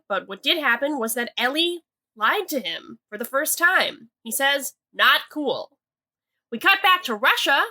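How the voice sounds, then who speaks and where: With a high, bright, forceful voice, a young woman co-hosts a podcast and runs through a TV episode in a casual recap. Lots of "like" and hedging fill her chatty delivery, and she reads quotes out loud.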